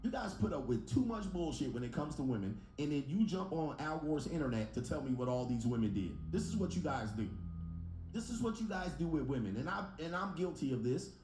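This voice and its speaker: A man's voice: on the high side, sing-song, a little fast, darkish tone, soft background music. Brash, profane man in an echoey room. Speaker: relationship advice speaker in a played clip. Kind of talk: profane advice rant. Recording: echoey clip replayed in a reaction.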